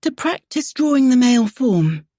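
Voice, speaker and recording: A woman's voice: a little high, big pitch swings, moderate pace, warm tone, no echo, clean studio sound, pitched above the performer's own voice. A woman voicing a bold, teasing young lady painter. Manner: teasing, playful.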